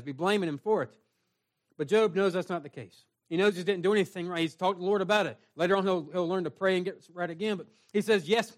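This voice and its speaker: A young man with a notably high voice preaches a sermon. He talks earnestly and plainly, circling back over his phrases and reading scripture aloud.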